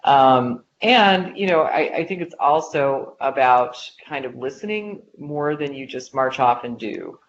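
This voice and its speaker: A woman's voice: rumbling low, a little slow, few pauses. A woman executive talking as an interview guest, chatty and full of filler likes as she tells stories. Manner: chatty, many filler likes, lively storytelling. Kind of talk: casual conversational interview. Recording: dull lo-fi podcast audio with faint hiss.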